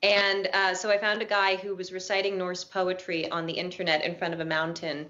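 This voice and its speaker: A woman's voice: lowish voice, level tone, a little fast, pushed and bright, dull audio. Bubbly woman guest on a video call. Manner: bubbly, self-deprecating, laughs often. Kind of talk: late-night talk show chat.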